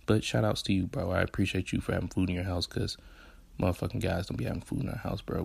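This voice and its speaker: A Southern US podcast host in his twenties delivers a casual solo monologue, laid-back and candid, full of slang and swearing. His voice is deep, gravelly and husky, a little mellow, in a dry recording.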